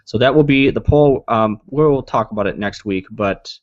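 A man's voice: mid-range voice, normal speed. Rambling man co-hosting a tech podcast. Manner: rambling, self-correcting, joking. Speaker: podcast co-host. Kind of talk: casual tech podcast chat. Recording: dull lo-fi dry sound.

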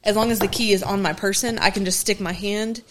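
A woman's voice: mid-range voice, steady tone, brisk. A young woman, a podcast guest chatting casually and telling anecdotes with quoted asides. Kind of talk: casual chat, storytelling.

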